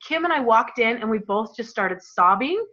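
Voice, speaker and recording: A woman leading a motivational team call, telling her story in a gushing, excited way and talking straight to her listeners as "you guys.". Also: fairly high pitch, moderate pace. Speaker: team leader. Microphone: phone or computer call. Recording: muffled lo-fi call audio.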